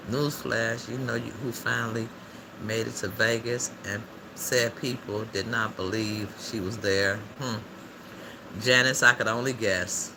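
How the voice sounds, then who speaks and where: A man hosting a casual livestream, chatting freely and answering viewer comments aloud, laughing often. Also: on the low side. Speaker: livestream host. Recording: noisy background ambience.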